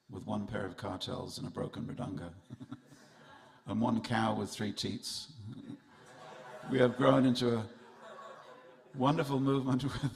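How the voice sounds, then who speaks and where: Speaking to listeners directly, this man preaches a festival sermon in a temple hall and spins comic tales. His voice is fairly low and creaky.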